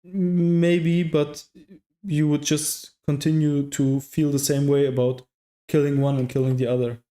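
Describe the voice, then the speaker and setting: A man's voice: fairly high pitch, level tone, measured pace, dark tone. A man interviewer in a casual debate, pressing his guest with challenging questions and repeated words.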